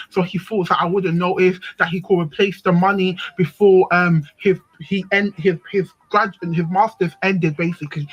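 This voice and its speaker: A woman telling a personal story on a live stream, animated and emphatic, often repeating herself. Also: fairly low pitch, rough recording. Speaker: panel speaker.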